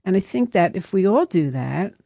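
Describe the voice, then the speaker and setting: A woman's voice: fairly low pitch, very animated, normal speed, creaky, dark tone, husky, no room sound. A woman hosting a live radio show in a studio, telling stories in a chatty, rambling way. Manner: chatty, anecdotal, rambling with restarts. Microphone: studio microphone.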